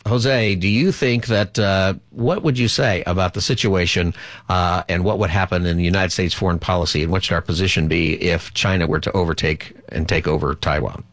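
A talk radio host with a fairly low male voice delivers opinionated political commentary. He rambles a bit, with fillers and asides. The sound is dry and close, with no room echo. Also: a little fast, fairly bright tone.

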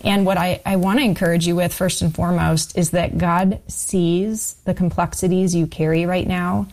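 Woman cohost on christian radio, lowish voice, slow reflective encouragement. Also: steady tone, a little mellow. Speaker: radio show co-host.

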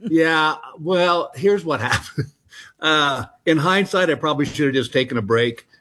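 A man's voice: fairly high pitch, moderate pace. A man, a comedian telling self-deprecating stories as an interview guest. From Texas. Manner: relaxed, anecdotal, self-deprecating. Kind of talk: storytelling interview chat. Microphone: phone call-in.

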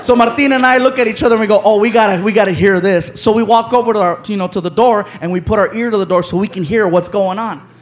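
A man telling a story as a stand-up comedian, animated and loud, acting out the people in it. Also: high voice, fast talker. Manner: animated, loud, acts out characters with shouted voices. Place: live comedy venue with laughing audience. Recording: live show with loud crowd noise.

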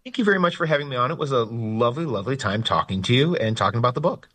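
An enthusiastic man talks as a guest in a radio interview, with a bright, forward voice and a husky edge. He speaks in animated bursts, restarting his sentences and tumbling over fillers. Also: medium pitch, very fast. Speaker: graphic novel writer and guest; teacher.

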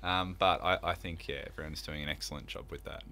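A man's voice: a bass voice, fairly even intonation, quick pace, pushed and bright, a little hiss or hum. A man talking about his theatre production in a casual interview, earnest and enthusiastic, with many fillers. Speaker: theatre director, guest.

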